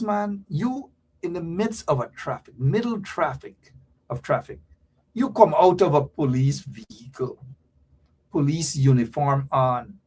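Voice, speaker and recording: Guyanese male host with a high voice, delivering a fired-up, repetitive, slangy livestream rant. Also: breathy edge. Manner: animated, repetitive and scolding, lots of local slang. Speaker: show host. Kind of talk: ranting livestream commentary.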